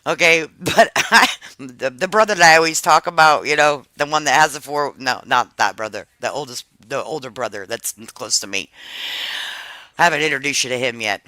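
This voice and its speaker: A woman's voice: rumbling low, normal speed, bright, forceful tone, dry recording. A middle-aged woman hosting a live stream, chatting casually with viewers, laughing often and swearing freely. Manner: frank and talkative.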